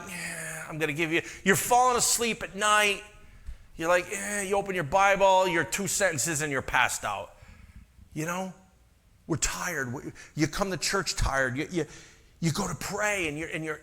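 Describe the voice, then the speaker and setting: A man's voice: sits high, bright, forceful tone. A man preaching a conversational sermon as pastor in a church, with speech, full of asides and rhetorical questions to the congregation. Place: church sanctuary.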